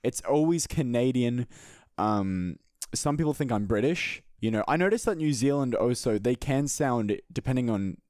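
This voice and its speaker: A man's voice: mid-range voice, animated, normal speed, darkish tone, no room sound, studio quality. A young man with a light Australian accent, hosting a casual interview in a chatty, swearing, self-deprecating way. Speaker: interview host.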